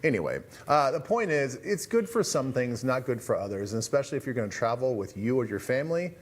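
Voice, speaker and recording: A man's voice: medium pitch, quick pace. A man co-hosting a television talk show, telling stories in a casual, self-deprecating way. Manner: animated storyteller, self-deprecating. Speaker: TV show co-host. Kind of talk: casual studio chat. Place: TV studio.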